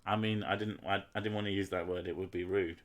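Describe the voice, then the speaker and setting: A game streamer with a deep, steady voice talks fast, rambling casually on his live stream. He swears freely and keeps cracking jokes at his own expense.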